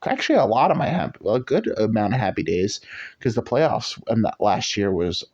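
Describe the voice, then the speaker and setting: A man hosts a casual show and rambles along in crude, profane talk. His pitch jumps up and down a lot as he goes. The recording sounds dull and lo-fi. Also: very animated, moderate pace, breathy edge. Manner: rambling, crude and profane, swings into loud put-on voices. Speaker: podcast host. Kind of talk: casual chat.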